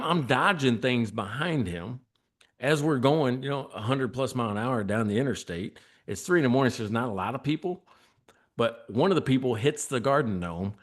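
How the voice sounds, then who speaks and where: A man telling a long story as a podcast guest, acting out quoted lines and laughing often. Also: medium pitch. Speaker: guest, former state trooper.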